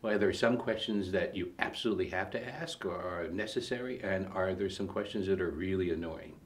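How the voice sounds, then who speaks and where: A middle-aged man with a deep voice talks as an acting coach. He explains things in a measured way and puts questions to his co-host. His tone stays casual. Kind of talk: casual advice chat.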